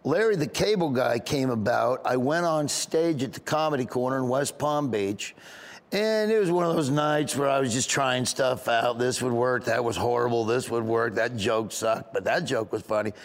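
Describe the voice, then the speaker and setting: A male stand-up comedian, guest on an interview, telling stories in an animated way and laughing often. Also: mid-range voice. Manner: laughs often, excited, quick bursts. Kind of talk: animated storytelling.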